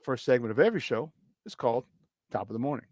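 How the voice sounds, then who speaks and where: A man co-hosting a casual sports talk show, animated and quick to laugh, talking with hype-man energy. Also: mid-range voice, dry recording. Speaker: sports radio co-host.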